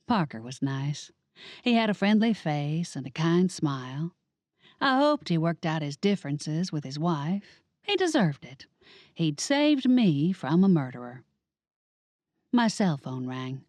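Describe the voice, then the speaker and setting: Woman narrator for a comic mystery audiobook; wry, very expressive rise and fall. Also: deep voice, measured pace, no echo. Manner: animated, wry, dramatic. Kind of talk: first-person audiobook narration.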